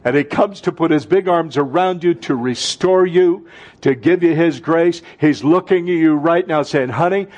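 A male pastor preaching a sermon, swinging between loud fervent bursts and soft, hushed passages, calling out to his congregation. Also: on the high side, moderate pace, dull audio. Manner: calls out to the congregation.

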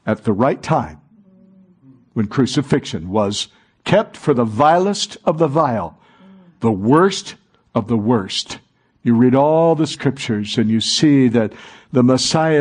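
A man preaching a sermon in a dramatic way, moving from hushed passages to rising fervor. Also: medium pitch, slightly rough.

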